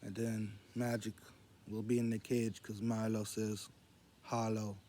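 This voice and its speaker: A man rambles through a string of loose, meandering jokes in a slow, unhurried drawl. His voice sits low, and he drops quieter as he quotes the people in his stories. A faint hiss of background noise runs under the recording. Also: little pitch movement. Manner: meandering, loose, quoting others in a low murmur. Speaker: vlogger telling jokes. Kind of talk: rambling casual storytelling.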